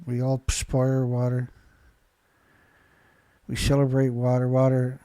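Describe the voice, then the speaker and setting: A man's voice: mid-range voice, darkish tone, clean tone, no echo. A man hosting a live show, giving an angry, ranting commentary full of insults and repeated rhetorical questions, a little congested. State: congested, blowing nose.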